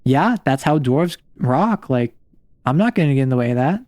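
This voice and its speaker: A man's voice: medium pitch, animated, moderate pace, a little mellow, no echo, clean studio sound. A man streaming a game, thinking aloud in a rambling, casual way. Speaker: vtuber streamer. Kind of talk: casual livestream commentary while playing.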